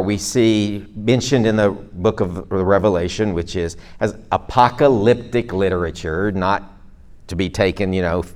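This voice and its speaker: A middle-aged man preaching a sermon to a congregation in a conversational way, with self-deprecating jokes and asides. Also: lowish voice. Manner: speaks to a live congregation.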